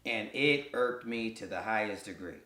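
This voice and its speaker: A man's voice: on the low side, moderate pace, pushed and bright, echoey room. A man co-hosting a casual podcast chat, reflective and joking by turns. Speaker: podcast co-host.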